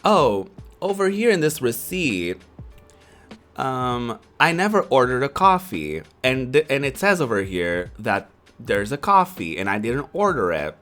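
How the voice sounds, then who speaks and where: Guy doing whiny karen customer lady, insistent, a bit higher, swoopy. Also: sing-song, a little slow, a bit bright, faint music behind. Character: fussy complaining middle-aged woman customer.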